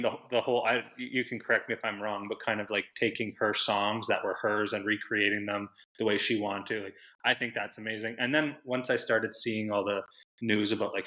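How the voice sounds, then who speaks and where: A man's voice: lowish voice, sharp tone, low-quality recording. A man chatting casually on a podcast, rambling with lots of fillers. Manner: rambling, many likes and restarts.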